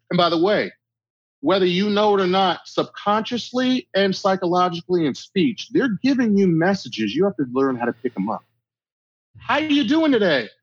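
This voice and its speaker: A middle-aged male guest talks conversationally in an interview, offering blunt, emphatic tough love and acting out quoted exchanges. His husky voice swings widely in pitch. The dry, somewhat dull lo-fi recording has no echo.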